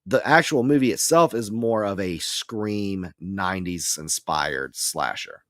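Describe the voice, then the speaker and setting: A man co-hosting a casual podcast chat, explaining things in a measured way. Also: deep voice, expressive, fairly bright tone, no echo, studio quality. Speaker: podcast co-host.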